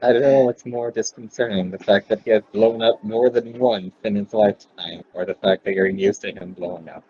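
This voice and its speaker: A man's voice: fairly low pitch, steady tone, brisk, few pauses, mellow, highs cut off, slight background noise. A man playing in a tabletop game, making wry, joking remarks. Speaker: player.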